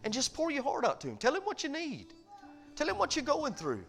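A man pastor preaching a sermon, animated and calling for amens. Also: very high-pitched, brisk, faint music behind. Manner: animated preaching, calls for amen.

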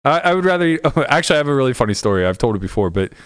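A man's voice: mid-range voice, very animated, rapid-fire, dry recording, clean studio sound. Podcast host, 40s male, cussing, laughs through his stories, casual. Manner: profane, laughing storyteller.

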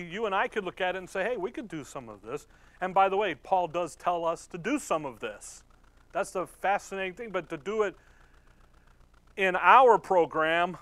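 A man preaching a Bible-study sermon in a conversational, folksy way, laughing often and reading scripture slowly and deliberately. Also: high voice, fairly bright tone, no room sound. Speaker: pastor.

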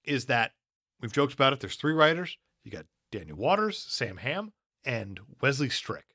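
A man's voice: medium pitch, very animated, normal speed, bright, forceful tone. A man co-hosting a podcast, recapping a movie in casual, jokey chat and arguing points with laughs. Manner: jokey, argumentative, laughs often. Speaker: podcast co-host.

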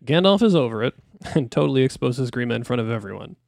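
Man, podcast co-host, gravelly voice, dry close sound, matter-of-fact. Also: mid-range voice, expressive, fast talker, a little mellow, no echo. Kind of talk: casual chat, narrating.

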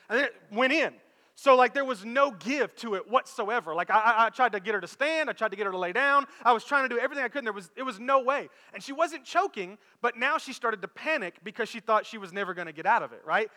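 A man in his thirties, a pastor preaching a sermon, telling a lively story to his church. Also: very high-pitched, quick pace, long reverb tail. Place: church auditorium.

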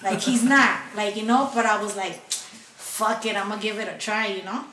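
A woman's voice: medium pitch, steady tone, moderate pace, pushed and bright, recorded from a distance. A young woman telling a personal story to friends, swearing often and slipping between English and Spanish. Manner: profane, mixes English and Spanish. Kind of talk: casual storytelling among friends. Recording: echoey room, off-mic, faint noise.

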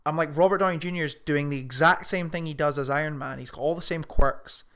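A man chatting casually, animated and sweary as he rants about a film. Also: fairly high pitch, quick pace, smooth. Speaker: film podcast co-host. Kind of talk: casual chat.

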